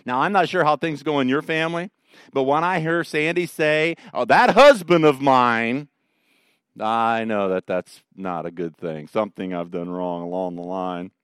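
A middle-aged man preaches with a lower, smooth and resonant voice, recorded close and dry. He swings from loud emphatic lines down to hushed, tender ones. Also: normal speed, no room sound. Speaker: pastor. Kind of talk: sermon.

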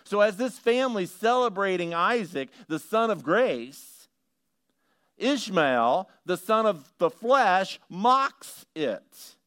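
Animated preacher, clear voice. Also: male voice, high-pitched, slow pace, no room sound, clean studio sound. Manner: animated preaching, swings from quiet storytelling to rising emphatic questions. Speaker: pastor. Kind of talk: sermon.

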